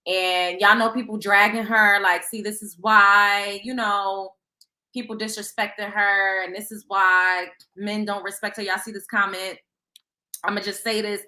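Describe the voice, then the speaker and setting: A young adult woman hosting a casual gossip livestream, blunt and animated, swearing freely and acting out quotes as she gives her opinions. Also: medium pitch, measured pace, roomy sound. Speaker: host of a celebrity gossip livestream.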